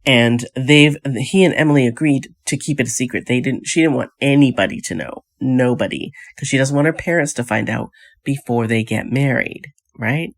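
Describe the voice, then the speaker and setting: Speaking at a moderate pace in a rumbling low register, this female vlog host offers casual reality TV recap commentary. Her talk is a rambling rant full of restarts and scoffing, exasperated rhetorical questions.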